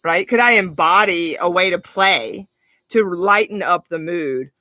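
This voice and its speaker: A middle-aged woman life coach giving an upbeat, animated motivational talk to the camera, with emphatic delivery and frequent laughs. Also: on the low side, measured pace, dry recording.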